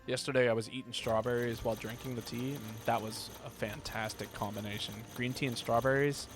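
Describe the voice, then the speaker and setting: A man streams a game and chats casually with viewers while he plays, joking around and reading chat aloud in a relaxed way. His medium-pitched voice moves a little fast, with faint music in the background.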